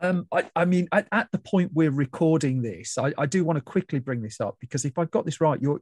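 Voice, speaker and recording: A male interviewer with a mellow, warm voice, recorded dry with no room echo. He asks questions conversationally and stumbles over his words as he goes. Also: medium pitch.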